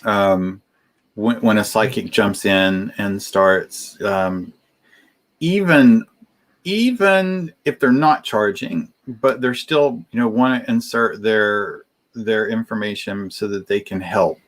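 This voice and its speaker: A man co-hosting a casual podcast chat, speaking haltingly with many restarts as he tries to stay calm. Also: lowish voice.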